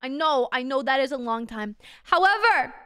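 A young woman streamer talks to her chat with a high, bright voice and crisp, clean diction. She is excitable and playful and swears freely. The recording is dry and close-miked. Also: fairly quick, dry recording. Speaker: VTuber streamer. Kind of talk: casual livestream chat.

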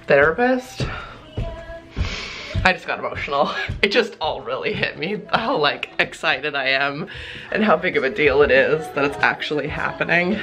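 A young adult woman vlogs casually from her home office on a handheld camera, chatty and emotional, using lots of "like" fillers. Her low voice has lively intonation at normal speed, with music behind it.

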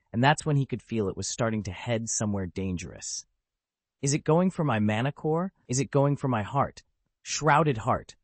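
Expressive male storyteller for a fantasy audiobook, dry and close, animated delivery. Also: lowish voice, no echo. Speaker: audiobook narrator. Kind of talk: scripted narration.

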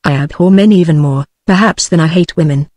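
A woman's voice: deep voice, brisk, darkish tone, no echo, studio quality. British synthetic woman reading a sorrowful fragile singer. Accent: British English. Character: sad, fragile young singer, female.

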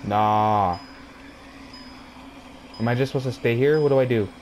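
A man's voice: mid-range voice, a little slow, slight background noise. A young man giving loose, profane running commentary as he plays a video game, talking to his viewers. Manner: loose, profane, reacting out loud with laughs. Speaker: gaming YouTuber. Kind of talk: casual gameplay commentary. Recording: game music under voice. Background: game music.

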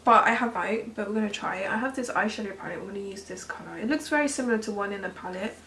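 A woman's voice: mid-range voice, fast, fairly bright tone. A young woman vlogging her makeup in a chatty, casual way while commenting on a tutorial. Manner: chatty, comments on a video as she goes. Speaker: beauty vlogger. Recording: echoey room, distant mic, faint noise.

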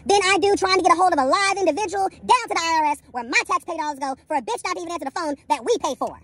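A woman's voice: high voice, animated, very fast, fairly bright tone. A woman telling a story as a casual vlog rant, sassy and profane, dramatic, calling the listener "girl" again and again. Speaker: vlogger.

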